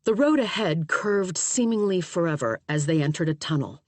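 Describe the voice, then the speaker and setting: A woman narrates an audiobook in a steady, even manner. Her voice sits low, and the booth sound is dead dry with no room at all. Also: moderate pace, no echo. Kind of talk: scripted narration.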